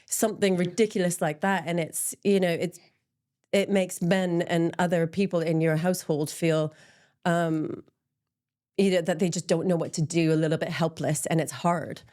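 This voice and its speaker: A woman's voice: lowish voice, fairly even intonation, normal speed, a little mellow. A middle-aged woman speaking openly in an interview, with frequent ums and laughing at herself as she talks. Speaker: interview guest, menopause support group founder. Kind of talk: candid conversational interview.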